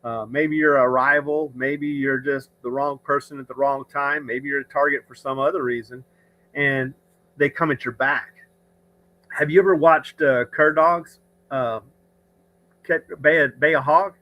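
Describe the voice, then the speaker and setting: A man's voice: mid-range voice, steady tone, a little slow, no room sound, dull audio. A man hosting a casual livestream chat, talking in an opinionated, rambling way with frequent restarts. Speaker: podcast host. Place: rural home studio.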